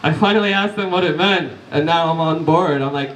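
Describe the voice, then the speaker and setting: A man in his thirties works a comedy club crowd with punchy one-liners, his voice sitting fairly high. The sound echoes through the room, captured from a distance. Faint room ambience hums underneath. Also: brisk, fairly bright tone. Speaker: stand-up comedian. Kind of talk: live stand-up set. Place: comedy club stage, live audience.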